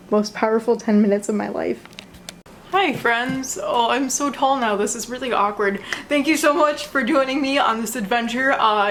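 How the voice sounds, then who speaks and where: A young woman vlogging casually in her bedroom, gushing and excitable as she unboxes and tries on shoes. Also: on the high side, a little hiss or hum, poor audio.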